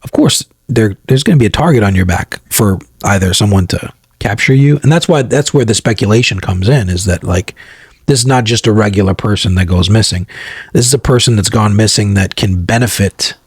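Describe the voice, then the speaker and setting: A man's voice: fairly low pitch, brisk, slightly rough, dry recording, clean studio sound. A man co-hosting a podcast, speculating in long, rambling explanations. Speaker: podcast co-host. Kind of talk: casual podcast chat.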